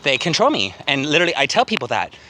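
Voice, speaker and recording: A man vlogs into a handheld phone as he walks outdoors, talking in a rambling, emotional, profane way. His voice is fairly high and bright and swings widely in pitch. Faint traffic hums behind him. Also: huge pitch swings, fast talker. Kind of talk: rambling walk-and-talk vlog. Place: outdoors walking past a city cemetery.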